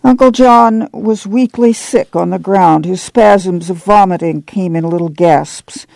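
A man with a gravelly voice reading a novel aloud as an audiobook narrator. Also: sits high, measured pace, a little mellow, dry recording. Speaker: audiobook reader. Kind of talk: scripted narration with character voices.

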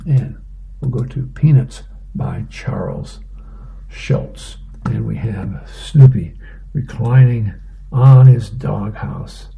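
A man reading the newspaper aloud in a plain, unhurried way for a reading program. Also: lowish voice, vocal fry, mellow.

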